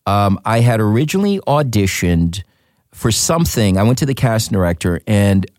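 A man's voice: on the low side, normal speed, dry recording, studio quality. A man, an actor, chatting casually in an interview and telling stories with lots of fillers. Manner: animated, storytelling with many fillers. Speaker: actor guest.

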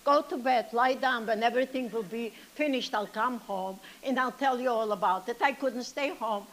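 A woman's voice: a little high, moderate pace, fairly bright tone, natural voice. A woman performing a comic monologue as an elderly grandmother, telling stories with dry self-pity and sing-song asides. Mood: wry. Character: elderly Yiddish-speaking grandmother, chatty and wry.

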